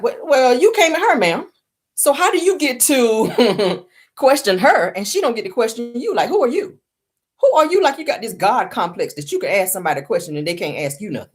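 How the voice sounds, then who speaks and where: A woman's voice: medium pitch, big pitch swings, brisk. A woman hosting casual celebrity gossip commentary, sassy and opinionated, often calling viewers honey.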